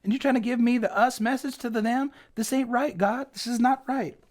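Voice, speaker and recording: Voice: mid-range voice, steady tone, fairly quick, a little mellow, voice pushed up, close to an everyday voice. A Bible teacher voicing the prophet Jonah as a sulking, melodramatic man throwing a tantrum. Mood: resentful. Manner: whiny, exaggerated tantrum. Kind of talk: acted scripture quotes in a Bible lesson.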